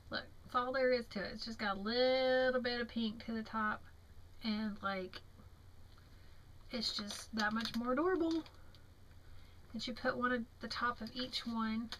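A bright, slightly high-pitched young woman with a Southern American accent, talking slowly and fondly as she shows off crafts. She sounds tired but keeps an easy, chatty tone. Faint noise hums in the background. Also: low-quality recording. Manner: chatty, admiring, slow and drawn-out. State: tired, yawning. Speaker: crafting vlogger. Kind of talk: casual show-and-tell of craft mail.

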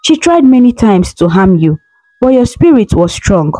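A woman voicing a loving mother who speaks in a gentle, reassuring way. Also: mid-range voice, very animated, moderate pace, soft background music, poor audio. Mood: comforting.

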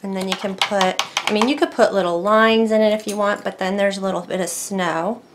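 A woman's voice: medium pitch, fairly even intonation, fairly quick, slight background noise. A woman teaching decorative painting in a casual tutorial, chatting and thinking aloud as she works at a close mic.

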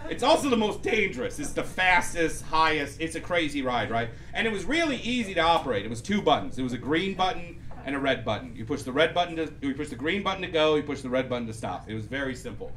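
A man telling a loose, rambling stand-up story on stage, breaking into loud punchlines. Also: a little high, sing-song, fast, few pauses, a little hiss or hum. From Persian heritage. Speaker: stand-up comedian. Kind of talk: stand-up comedy set. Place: comedy club before a live audience. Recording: live club audience laughter.

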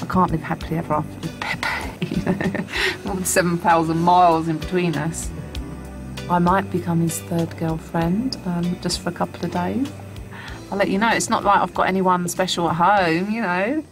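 A woman's voice: lowish voice, steady tone, normal speed, music in the background. A woman on an expedition, chatting teasingly with many fillers in a documentary confessional. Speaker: expedition trekker.

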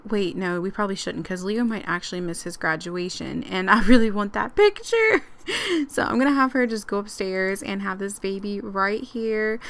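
A young woman giving chatty, excitable let's-play commentary with frequent giggles. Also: mid-range voice, normal speed. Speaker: gaming channel host.

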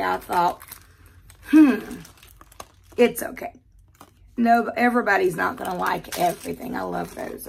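An older woman from the American South with a Southern accent, chatting casually and talking fast while she unboxes jewelry in her quiet bedroom. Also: medium pitch, gravelly, husky.

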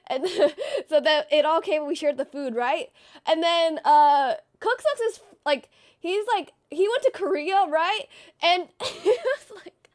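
Very high-voiced chatty woman. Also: moderate pace. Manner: chatty storytelling, acts out quotes; many fillers like "like". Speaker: livestreamer. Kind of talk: casual stream chat.

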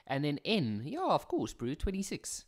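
A man's voice: on the high side, huge pitch swings, moderate pace, pitched above the performer's own voice. A South African man putting on the voice of a cocky young male student who brags that he knows it all, in breezy slang.

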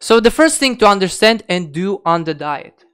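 Profane, blunt man with a smooth voice. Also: high voice, big pitch swings, normal speed, fairly bright tone. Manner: profane, blunt, many restarts and fillers. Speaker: diet vlogger. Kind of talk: unscripted rant to camera.

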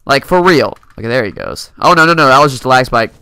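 Lively young man commenting on gameplay. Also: medium pitch, fast, smooth, no room sound, clean studio sound. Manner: playful, laughs often, talks to opponents. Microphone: desk mic.

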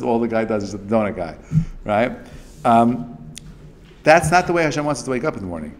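A man's voice: medium pitch, lively intonation, fairly quick. A man giving a casual, interactive class. He talks loosely, with many fillers and restarts, and acts out the quotes he tells. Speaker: Torah class teacher.

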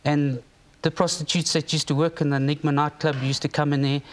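Fired-up south african guy on a talk show, kinda high voice, keeps repeating himself. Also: level tone, fairly quick. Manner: emphatic, repeats words when worked up. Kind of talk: impassioned studio talk.

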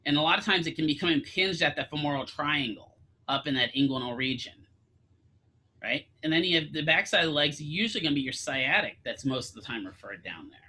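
Bright-voiced man giving a casual lecture. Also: fairly high pitch. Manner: asks students questions, casual joking asides. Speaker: physical therapy instructor. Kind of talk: classroom lecture.

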